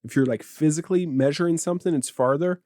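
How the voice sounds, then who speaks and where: A man's voice: fairly high pitch, fast talker, mellow, dry recording, clean studio sound. A man hosting a gaming podcast in casual chat, laid-back and wry. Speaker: podcast host.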